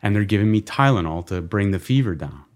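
A man with a very low voice tells his own story on a podcast, plain and unguarded. He swears freely and slips into quoting himself and others. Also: lively intonation, brisk, darkish tone. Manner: blunt, swears often, replays his own words and others' in quotes. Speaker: podcast guest. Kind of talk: candid personal storytelling.

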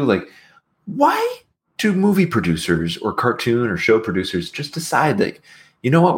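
Ranting podcast co-host, exasperated and profane, wildly animated pitch. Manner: ranting, exasperated, heavy swearing. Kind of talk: casual podcast chat.

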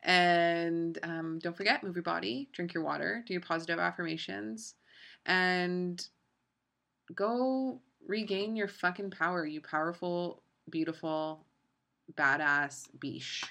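Young woman podcast host, earnest and foul-mouthed motivational talk, a bit low-pitched, bright edge. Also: a little slow, creaky. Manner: earnest, profane, lots of fillers.

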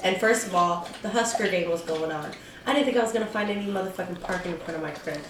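A woman's voice: on the low side, fast talker, background noise. A woman co-hosting a podcast in casual chat, chatty and complaining in teasing banter. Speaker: podcast co-host. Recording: roomy and away from the mic.

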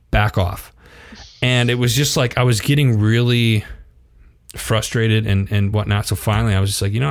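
A man in his thirties, a podcast guest, telling stories in a casual interview and acting out quotes in a raised voice. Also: fairly low pitch. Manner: animated, acts out quotes in a raised voice.

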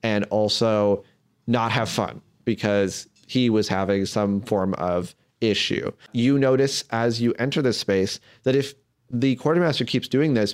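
A man's voice: fairly low pitch, a little mellow. Man narrating a tabletop game. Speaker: game master.

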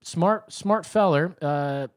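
A man with a somewhat high voice hosts a call-in show. He rambles in loose, profane chat, laughing now and then and circling back over his points. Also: takes it slowly.

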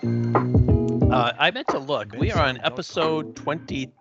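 A man's voice: on the high side, animated, a little slow, pauses often, dull audio, over loud music. A man hosting a podcast from home over an internet call, chatting casually and correcting himself often, tired after a flight. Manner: rambling, self-correcting. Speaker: podcast host. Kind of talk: casual chat. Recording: remote call.

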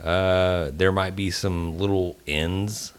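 A man's voice: low-pitched, fairly even intonation, takes it slowly, smooth. A man co-hosting a podcast, chatting casually and rambling with restarts and jokes. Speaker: podcast co-host. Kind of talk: casual chat.

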